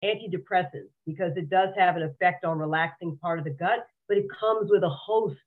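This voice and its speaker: A woman's voice: on the low side, fairly quick. A woman guest on a podcast, frankly and earnestly telling her own story, often repeating words as she goes. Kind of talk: candid personal interview. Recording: tinny phone-like remote line.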